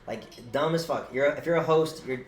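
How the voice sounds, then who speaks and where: A young man streamer telling a story in casual chat, animated and swearing a lot. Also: on the high side, brisk. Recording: roomy echo, faint noise.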